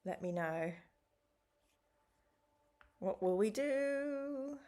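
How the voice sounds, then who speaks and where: A woman's voice: sits high, animated, drawn-out words, dark tone. A woman hosting a live-streamed gamebook play-through, chatting with viewers and reading the choices aloud. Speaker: streamer and host.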